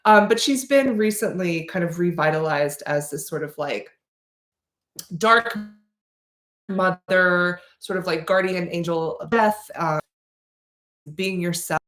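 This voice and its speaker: A woman's voice: fairly low pitch, slow pace, pauses often, a bit bright, echoey room. A woman hosting a casual livestream Q&A, rambling and playful with lots of fillers and restarts. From Slavic heritage. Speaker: livestream host answering questions.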